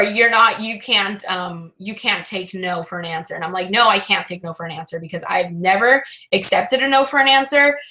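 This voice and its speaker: Bright-voiced woman chatting on a live stream. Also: medium pitch. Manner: rambling, frank, many fillers and restarts. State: low-spirited, frustrated. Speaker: reseller vlogger answering live chat. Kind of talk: casual live-stream chat.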